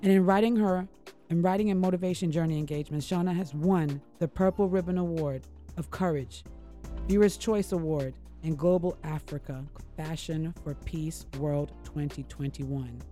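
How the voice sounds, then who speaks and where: A woman hosting a talk show interview, chatty and animated, her voice going hoarse. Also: low-pitched, normal speed, soft background music. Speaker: host.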